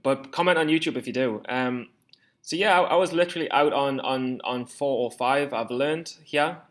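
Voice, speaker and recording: Man, 20s, casual vlogger; rambling, self-deprecating, frequent swearing, middle pitch. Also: moderate pace. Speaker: stock trading vlogger. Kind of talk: casual screen-share commentary.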